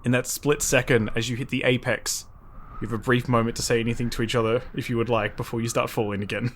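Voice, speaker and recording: A man's voice: mid-range voice, flat delivery, quick pace, a bit bright, slight background noise. Man narrating as game master.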